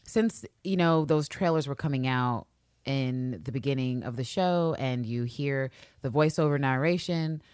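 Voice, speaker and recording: A woman co-hosting a fan podcast in casual chat, animated and quick to act out characters' lines. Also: a bass voice, smooth, no room sound, studio quality. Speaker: podcast co-host.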